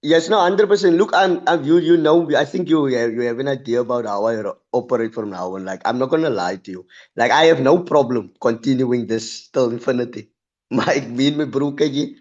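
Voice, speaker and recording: A man's voice: mid-range voice, brisk, a little mellow. Blunt South African man, lo-fi call. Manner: blunt and frank, mixes English and Afrikaans. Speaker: guest joining a live stream. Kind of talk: casual live-stream chat. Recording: dull lo-fi call audio.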